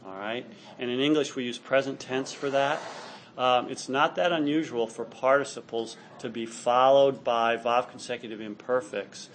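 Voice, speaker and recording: A man's voice: mid-range voice, steady tone, normal speed, a little hiss or hum. A man teaching a class on Hebrew grammar, explaining patiently and checking in with students often. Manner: patient, explanatory, frequent "all right?" check-ins. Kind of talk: classroom lecture.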